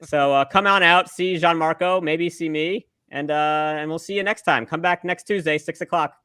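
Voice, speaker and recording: Host, male, bright sharp tone, dry close sound, teasing banter. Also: on the high side, moderate pace, clear, resonant tone, no echo. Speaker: show host. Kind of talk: casual comedy chat.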